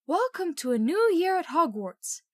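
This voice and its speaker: A woman's voice: high-pitched, big pitch swings, drawn-out words, darkish tone, no echo, voice pushed up, heavily acted. Woman playing a jolly old wizard guy, big grand welcome voice, dry sound. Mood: jovial. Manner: grand, beaming, raised voice. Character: old cheerful eccentric male headmaster wizard.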